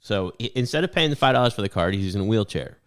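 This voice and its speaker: A man from North Jersey co-hosting a podcast, chatting casually with jokey quick asides. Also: lowish voice, expressive, smooth. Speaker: podcast co-host. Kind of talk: casual chat.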